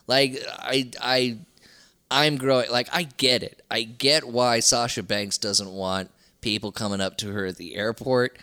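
A man's voice: medium pitch, steady tone, a little slow, pushed and bright. A man co-hosting a podcast in loose, profane casual chat, rambling and laughing often. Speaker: podcast co-host.

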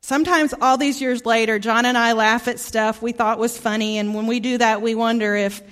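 A middle-aged woman from Arkansas with a Southern accent, preaching a heartfelt storytelling sermon as a guest preacher, often dropping soft and quiet. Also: on the high side, steady tone, normal speed. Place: church sanctuary.

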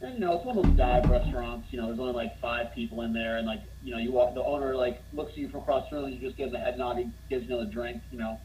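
A man telling a funny bar story in casual conversation, getting more animated as he goes. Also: fast, few pauses, background noise. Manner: animated, gets louder and higher as the story builds.

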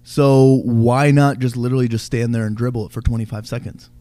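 A man's voice: medium pitch, steady tone, brisk, warm tone, no room sound. A man co-hosting a podcast in casual chat, joking and teasing as he reacts. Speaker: podcast co-host.

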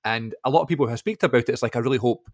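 A man hosting a podcast interview, relaxed and hesitant, with frequent fillers. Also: mid-range voice, very fast, no echo, studio quality. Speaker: podcast host.

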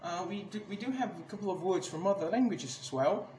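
Man ranting on a podcast, high voice, angry and swearing, echoey room, noticeable background noise. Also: fairly quick, darkish tone. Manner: angry, swears a lot, many restarts. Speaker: podcast host. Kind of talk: casual ranting monologue.

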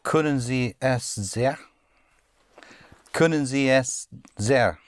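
A man's voice: medium pitch, slow pace, no room sound. A man student in a language lesson, repeating phrases hesitantly after the teacher.

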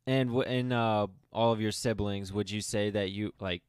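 A man's voice: on the low side, steady tone, moderate pace, clear, resonant tone, no room sound. A man hosting a casual podcast interview, teasing his guests and rambling through self-corrections. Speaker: podcast host.

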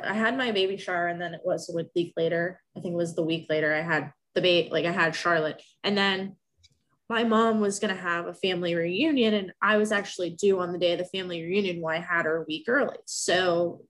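A woman's voice: lowish voice, fairly bright tone. A young woman telling a personal story in casual talk, emotional and rambling, with many restarts.

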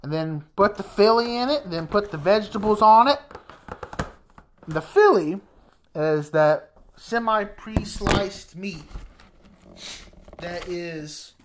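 Rambling woman over loud wind noise. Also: mid-range voice, lively intonation, slow, pauses often. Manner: rambling, with many restarts and repeated words. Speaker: vlogger. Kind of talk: casual rambling vlog chat.

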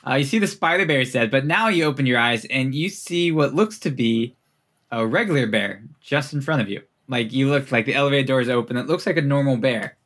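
A man's voice: medium pitch, expressive, fairly quick, a bit bright. A man running a tabletop game as game master, talking loosely with fillers and laughter. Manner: loose and chatty, many fillers, laughs often.

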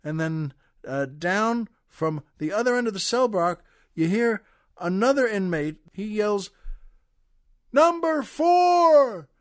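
Folksy older man telling a slow joke. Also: high-pitched, animated, dry recording, clean studio sound. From United States. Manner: chuckling, folksy, meandering asides. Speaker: podcast host. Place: studio.

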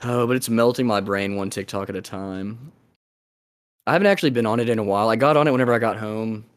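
A young man hosts a laid-back podcast, rambling through whatever comes to mind and laughing often. His voice sits a little low and the sound is dry and close, with no room around it. He swears casually and keeps it relaxed. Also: fast talker, dry recording. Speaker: podcast host.

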